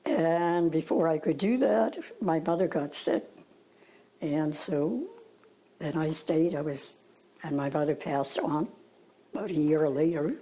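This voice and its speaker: An older Irish woman recalls her past in a rambling, hesitant way, full of fillers and asides. Her voice is gravelly and husky, with a mellow, dark tone, and her pitch sits on the low side for a woman. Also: a little slow, low-quality recording. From Ireland. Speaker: interviewee. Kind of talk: reminiscing storytelling.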